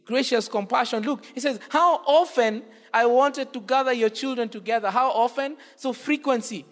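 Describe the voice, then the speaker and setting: High-voiced man preaching in a reverberant church. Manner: impassioned preaching, rising on repeated cries. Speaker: pastor. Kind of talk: sermon.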